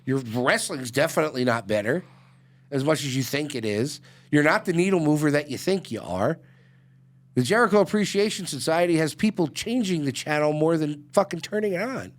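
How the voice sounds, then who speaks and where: A man's voice: a little high, animated, fairly quick. A man co-hosting a wrestling podcast, talking in a loose, emphatic and profane way. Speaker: podcast co-host. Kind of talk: casual wrestling podcast banter.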